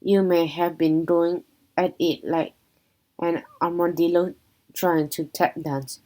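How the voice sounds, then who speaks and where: A woman voicing a calm, firm woman school principal who speaks in a measured, authoritative way in a storybook reading. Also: lowish voice, rough recording.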